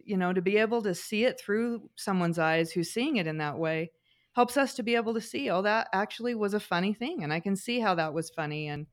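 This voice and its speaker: A middle-aged woman co-hosting a podcast, telling family stories in a casual chat, with frequent fillers and restarts. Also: mid-range voice. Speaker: podcast co-host.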